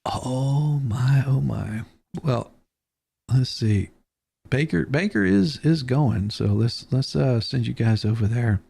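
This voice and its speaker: Male host, gravelly husky voice, chatty, swears and laughs through stories. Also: mid-range voice, takes it slowly, mellow. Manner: laughing, storytelling, casual swearing. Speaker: show host. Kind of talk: casual live-stream chat.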